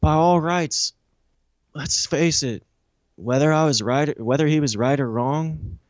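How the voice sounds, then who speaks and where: A man in an interview recounting a personal story, animated and profane, with lots of "you know" and "I'm like". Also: on the high side, measured pace, no room sound, dull audio. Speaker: interview guest.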